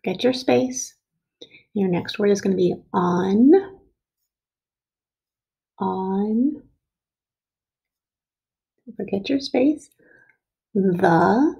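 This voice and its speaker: A woman talks young children through writing a sentence word by word. She is slow and patient and stretches each sound out. Her tone is mellow, with a bit of gravel at the ends of her phrases. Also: medium pitch. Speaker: teacher. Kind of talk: early reading and writing lesson.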